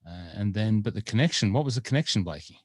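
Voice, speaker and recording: Guy with a really low voice chatting on a golf podcast, lots of uhs and restarts, dry close sound. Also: expressive, fast talker, a little mellow, dry recording. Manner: rambling, with many fillers and restarts. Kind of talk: casual podcast chat.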